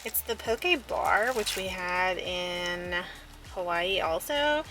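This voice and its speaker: A woman's voice: fairly low pitch, animated, slow pace, noisy background. A young woman vlogging casually from her car and a restaurant, chatting in a rambling way with many fillers. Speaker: photographer vlogger. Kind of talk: casual vlog narration.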